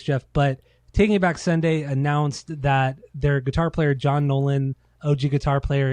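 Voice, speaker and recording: A man's voice: a little high, a little mellow, dry recording. A man co-hosting a casual podcast, telling loose, profane stories and acting out quotes. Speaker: podcast co-host. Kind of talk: casual chat.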